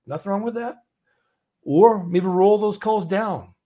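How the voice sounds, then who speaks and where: His voice sits high and sounds dark, the audio is dull, and he takes his time. As host of a trading community's casual options call, he chats through a trade, using many fillers and asking his listeners questions.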